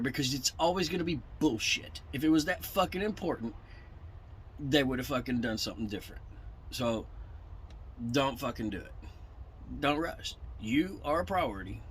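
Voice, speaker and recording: A man's voice: medium pitch, a bit bright, slight background noise, rough recording. A man, a truck driver telling a story in a blunt, profane, angry rant.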